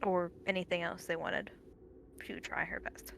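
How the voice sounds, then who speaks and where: A young woman narrating a tabletop game as game master, halting with many fillers. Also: lowish voice, little pitch movement, vocal fry, fairly bright tone, a little hiss or hum.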